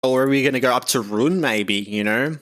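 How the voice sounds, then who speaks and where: A young man with an Australian accent talks over a live game stream. He chats loosely, reads out viewers' comments and fills gaps with "you know" and "like". His voice sits in an ordinary middle pitch. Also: a little fast, a bit bright. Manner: chatty, reads chat aloud, frequent fillers.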